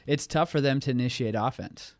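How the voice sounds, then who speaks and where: A man's voice: mid-range voice, brisk, no echo, clean studio sound. A young man co-hosting a sports podcast, easygoing and teasing, with lots of restarts. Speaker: podcast co-host. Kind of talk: casual sports chat.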